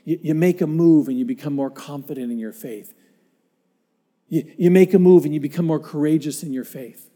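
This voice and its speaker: A man preaching a sermon, earnest and dynamic, dropping to a hush and then rising to emphatic points as he tells stories. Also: on the high side, moderate pace. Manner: dynamic, swinging from hushed to emphatic; earnest storytelling with acted-out quotes. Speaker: pastor.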